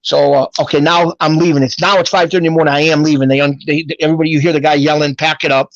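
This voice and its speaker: A middle-aged man tells stories from his life in a casual, animated way and acts out the voices of people he quotes. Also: fairly high pitch, rapid-fire, highs cut off, a little hiss or hum. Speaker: guest telling his life story. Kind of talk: casual storytelling.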